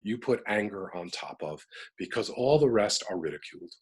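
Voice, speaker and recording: His voice is on the low side with a breathy edge, and he keeps a moderate pace. A middle-aged American interview guest, he speaks emphatically and animatedly, working through his emotions aloud in reflective personal talk.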